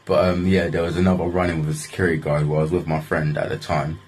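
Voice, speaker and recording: Young man, deep voice, husky, rambling casual story, lots of swearing. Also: level tone, fast talker, a little mellow. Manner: rambling, swears often, restarts lines with "like". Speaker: vlogger.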